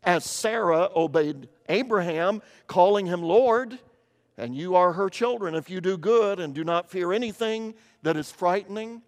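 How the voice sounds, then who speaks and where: A man's voice: high-pitched, measured pace, long reverb tail. An older man from eastern Kentucky preaching a sermon, explaining scripture earnestly and often repeating words as he restarts.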